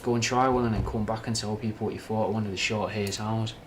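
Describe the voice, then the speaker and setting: Manc lad rambling thru chat questions, bit of scouse twang, lowish voice, faint hum behind. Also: male voice, fairly even intonation, quick pace. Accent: Mancunian with a slight Scouse twang. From Manchester, England. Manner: rambling, frank and swearing, with British slang. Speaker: livestream host answering chat. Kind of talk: casual livestream chat.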